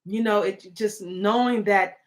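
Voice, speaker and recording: A woman's voice: mid-range voice, steady tone, a little slow. A woman talking casually and emotionally in a live video, rambling and indignant as she defends her partner.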